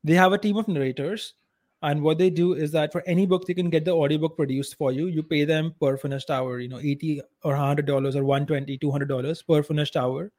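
A man with an Indian accent, his pitch leaning high and his intonation fairly even, talks a little fast as he co-hosts a casual podcast. He comes across as blunt and opinionated, and his loudness varies unevenly.

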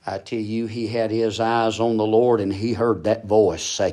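A man's voice: mid-range voice, normal speed, few pauses, a little mellow. A man preaching a sermon, emphatic and repetitive, building in intensity.

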